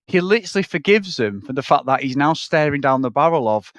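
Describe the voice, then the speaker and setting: A man talking a film through in casual, sweary chat, his voice riding up and down a lot and pitched a touch high. The sound is dry and close, with no room in it. He keeps acting out bits of scenes as he goes. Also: brisk, no echo. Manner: animated, sweary, acts out scenes in quoted voices. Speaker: podcast co-host.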